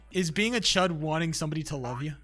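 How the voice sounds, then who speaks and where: A young man streaming a game live, talking to his chat in a casual, profane and excitable way. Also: a little high. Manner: profane, excitable, talks to chat between bursts of laughter.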